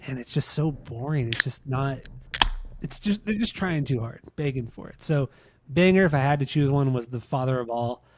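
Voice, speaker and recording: A man's voice: medium pitch, expressive, normal speed, heavy background noise. A man in his late thirties co-hosting a podcast, talking bluntly and profanely and repeating himself to drive points home. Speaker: podcast co-host. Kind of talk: casual podcast chat, ranking albums.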